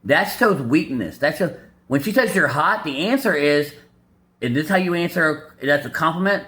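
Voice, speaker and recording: A man's voice: expressive, moderate pace, bright, forceful tone. Blunt, crude man giving dating advice. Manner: blunt, crude, mocking, with sudden high squeaky impressions. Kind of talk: casual reaction commentary.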